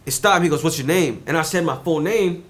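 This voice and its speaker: Young male storyteller, slightly higher pitch, lively and profane, casual delivery. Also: brisk, noisy background. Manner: animated, swears freely, repeats "you know what I'm saying".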